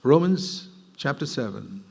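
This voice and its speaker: Man, preacher, sermon, gravelly, earnest, conversational. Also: big pitch swings, measured pace, darkish tone. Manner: earnest, conversational preaching that rises in pitch when emphatic.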